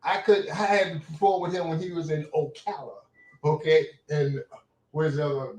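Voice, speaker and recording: An older man with a drawl spins loose, animated stories, swearing freely as he goes. His voice sits a little high for a man. The sound is roomy and echoey. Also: moderate pace. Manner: rambling, animated anecdotes with profanity. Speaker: host. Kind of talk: casual storytelling chat. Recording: echoey room.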